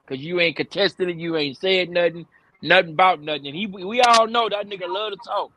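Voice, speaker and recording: A man's voice: high voice, brisk, bright, forceful tone, rough recording. A man co-hosting a live stream, giving blunt, emphatic opinions in casual commentary.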